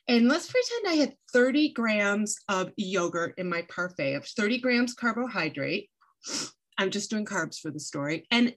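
A woman's voice: a little high, a bit bright. A woman presenting a nutrition webinar from home, explaining with everyday analogies in a chatty, conversational way. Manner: conversational, uses "like" and "right?". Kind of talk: educational webinar talk.

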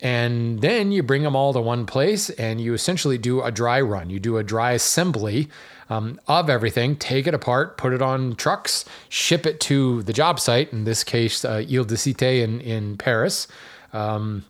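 A man hosts his own podcast in a relaxed, rambling solo talk, full of "um"s and wry asides at his own expense. His voice sits at an ordinary middle pitch for a man. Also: moderate pace. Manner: chatty and digressive, with fillers and self-deprecating asides. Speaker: podcast host.

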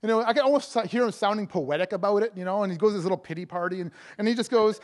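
A man's voice: high-pitched, rapid-fire, hardly any pauses. A man preaching a sermon as an evangelist, joking and laughing often between points, talking loosely with lots of fillers and restarts.

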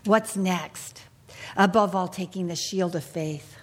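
A woman's voice: lowish voice, takes it slowly. A middle-aged woman teaching the Bible to a small group in an earnest, confiding way, often asking her listeners questions.

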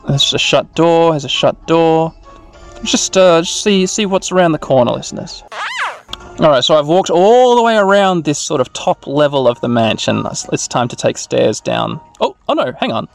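A man narrating his way through a video game in a relaxed, rambling way, often correcting himself mid-sentence. His voice is somewhat high and lively in pitch, with a gravelly texture. Soft music plays faintly behind him. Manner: rambling, self-correcting, chuckling asides. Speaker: host reading a game aloud for sleep. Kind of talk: casual let's-play narration.

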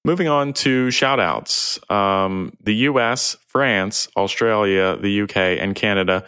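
Deep-voiced man hosting a podcast. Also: slow, smooth, no room sound. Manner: reads listener feedback and shout-outs. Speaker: podcast host. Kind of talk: casual chat. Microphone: remote call recording.

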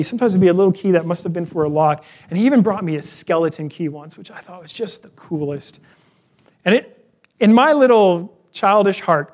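A man preaching a sermon in a relaxed, conversational way, weaving in personal stories. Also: high voice. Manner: conversational, storytelling with personal anecdotes. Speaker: pastor.

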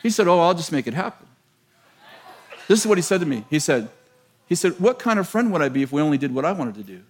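A middle-aged man preaching a sermon, telling a story in an animated, self-mocking way and laughing often. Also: on the high side, fast talker.

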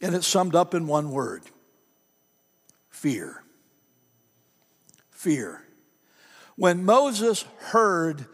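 A man's voice: high voice, in a large hall. A man pastor preaching a sermon in a conversational, storytelling manner, repeating key phrases for emphasis.

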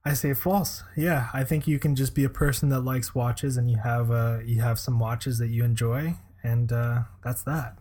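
A man's voice: mid-range voice, fairly even intonation, moderate pace, hardly any pauses, darkish tone. A young man co-hosting a podcast in casual chat, hesitant and full of "uh"s, often laughing. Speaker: podcast co-host.

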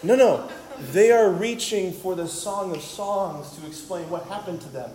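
A man giving an energetic, joking talk to a live audience as a Catholic speaker, with a conversational manner and frequent "right?"s. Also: high-pitched, unhurried. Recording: long hall reverb.

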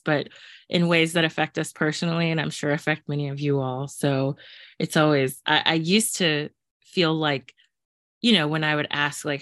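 A woman's voice: low-pitched, fairly bright tone, no echo, clean studio sound. A woman co-hosting a podcast in casual chat, talking in a chatty way with lots of fillers and frequent laughs. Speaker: podcast co-host.

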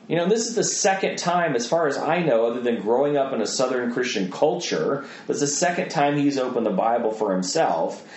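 A man speaking as a guest in a conversational interview, an animated storyteller who acts out the voices of people in his stories. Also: medium pitch, moderate pace, few pauses, reverberant. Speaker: guest, missionary trainer.

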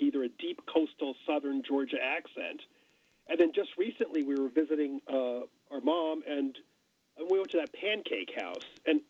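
A husky, slightly high-voiced middle-aged man chats as a radio guest, musing and restarting his sentences often. His voice comes through a dull, dry studio sound. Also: dry recording. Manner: chatty, musing, many restarts. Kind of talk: casual radio conversation.

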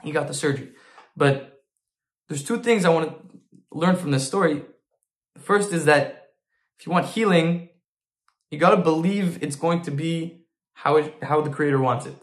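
A man's voice: fairly high pitch, normal speed, pauses often, roomy sound. A man teaching a Torah lesson through an informal story, with frequent restarts and Hebrew terms.

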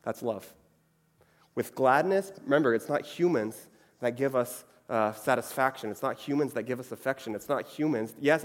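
A young adult man giving a conversational sermon, chatty and often checking in with the audience. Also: medium pitch. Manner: chatty, frequently asks "right?". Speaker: preacher. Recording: long reverb of a hall.

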